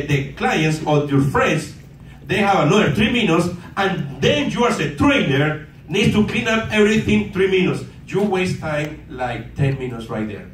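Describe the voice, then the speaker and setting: A man's voice: high-pitched, a little hiss or hum. Far-off man addressing an echoey room. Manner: animated, asks the audience for answers, broken English. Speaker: motivational speaker at a sales meeting. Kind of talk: motivational talk to an audience.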